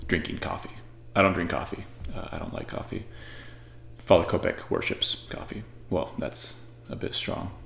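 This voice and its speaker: A man's voice: low-pitched, moderate pace, creaky, fairly bright tone, roomy sound, a little hiss or hum. A man from Arizona talking in a rambling, joking casual monologue.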